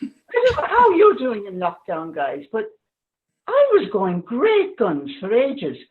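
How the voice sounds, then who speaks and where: A woman doing stand-up in a put-on Irish accent over a video call, wry and halting, with a mock-sad tone. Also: a little high, huge pitch swings, narrow, tinny audio. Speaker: stand-up comedian. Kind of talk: deadpan lockdown stand-up.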